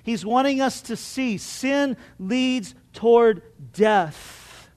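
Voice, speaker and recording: A middle-aged male pastor preaching a sermon, telling a personal story earnestly and swinging between loud and hushed. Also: very high-pitched, slow pace. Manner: earnest storytelling with restarts and strong swings in loudness.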